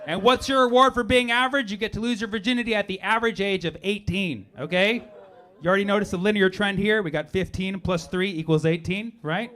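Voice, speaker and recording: A man doing a stand-up comedy set on a club stage, brash and shouting his punchlines, with swearing. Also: sits high, a little fast. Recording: live club recording with audience noise.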